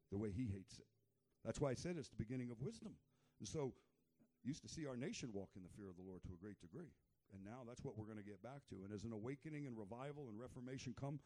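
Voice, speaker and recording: A man preaching a fervent sermon, moving between loud exhortation and quiet, low asides.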